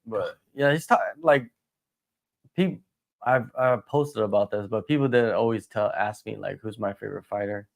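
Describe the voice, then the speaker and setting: A man's voice: on the low side, moderate pace, creaky. A man hosting a casual sports news chat, laid-back and fond of saying "you know what I mean". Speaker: host of MMA news show.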